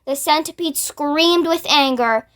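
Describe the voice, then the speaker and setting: A woman reading a children's book aloud, narrating in a clear, expressive way. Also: sits high, a little slow. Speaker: storyteller.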